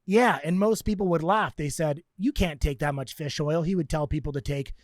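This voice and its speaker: A man chatting on a podcast in a slightly higher voice, telling stories with animated energy and putting on voices for the people he quotes. The sound is dry and close, with little room around it. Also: moderate pace, dry recording. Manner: animated storyteller, acts out quotes. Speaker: podcast co-host sharing training stories. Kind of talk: casual podcast chat.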